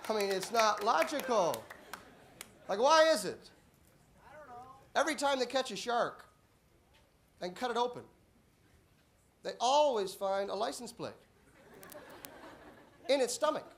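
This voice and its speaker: A man doing a stand-up comedy routine on a club stage, deadpan setups that burst into shouted punchlines. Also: very high voice, measured pace, long pauses, slight background noise. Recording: live club audience laughing. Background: audience laughter and applause.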